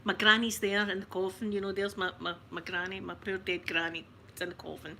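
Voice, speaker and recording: A Scottish woman telling a funny family story on her livestream, chatty and animated, often breaking into laughter. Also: medium pitch, brisk, gravelly, a little hiss or hum. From Scotland. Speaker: ASMR livestream host.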